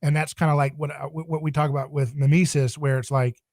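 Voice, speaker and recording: A man talking casually as a podcast guest, animated and acting out quoted voices. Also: on the high side, fast, dry recording, studio quality. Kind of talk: casual theological discussion.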